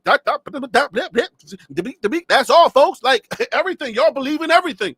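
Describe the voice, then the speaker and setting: A man from Liberia ranting on a live sports stream, animated and mocking, dropping to low asides and rising to shouts while losing his voice. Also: a little fast, breathy edge, no echo. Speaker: sports commentator.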